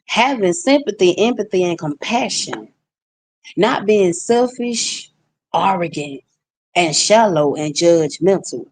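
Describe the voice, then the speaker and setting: A woman's voice: on the low side, lively intonation, slow pace. A woman vlogger in a casual ranting monologue to her viewers, blunt and outspoken.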